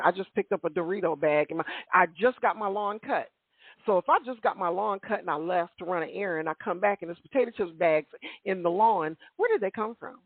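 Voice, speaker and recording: Husky woman rambling over a phone line. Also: lowish voice, no echo. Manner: animated, rambling, rhetorical asides. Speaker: storyteller on a call-in radio show. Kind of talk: casual storytelling. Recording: tinny dry phone line.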